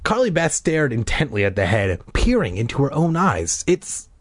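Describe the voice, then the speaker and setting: A man reading a story aloud in a lively way, breaking off for irreverent, swearing jokes. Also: mid-range voice, moderate pace, no echo, clean studio sound. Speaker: reader. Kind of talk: comedic book reading with asides.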